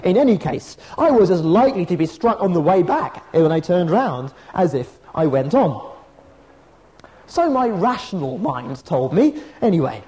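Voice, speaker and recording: A man preaching a sermon as a pastor, telling a personal story with measured, dramatic pauses and slowed emphasis. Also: high voice, very animated, darkish tone.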